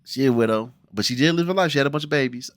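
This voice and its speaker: A man's voice: mid-range voice, rapid-fire, fairly bright tone, dry recording, studio quality. A man from the Cincinnati area with an American accent, ranting bluntly and with plenty of profanity in a casual show review, putting on mock voices. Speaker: TV review vlogger.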